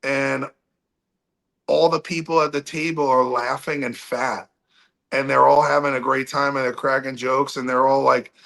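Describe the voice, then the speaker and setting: A man with a mid-range voice, a rock singer talking as a podcast guest. He tells a long story in a casual, animated way, restarting his sentences often. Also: medium pitch, gravelly.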